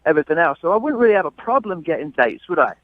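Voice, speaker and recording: A man from London phones into a radio show, defensive and exasperated but laughing it off, his slightly high voice very animated and very fast. The call comes through a muffled phone line, and his accent is British.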